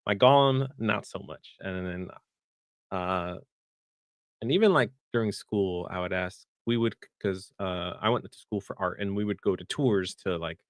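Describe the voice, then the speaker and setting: Podcast host, man, lowish voice, eager and rambling, close dry mic. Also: moderate pace, dry recording. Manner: enthusiastic, rambling storyteller. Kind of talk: casual panel chat.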